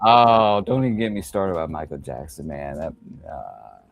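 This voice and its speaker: A man's voice: extremely low pitch, lively intonation, normal speed, dry recording, soft background music. A man chatting casually on a podcast, emphatic and dropping "man" into his sentences. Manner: emphatic, peppers talk with "man". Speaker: podcast co-host or guest. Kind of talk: casual chat.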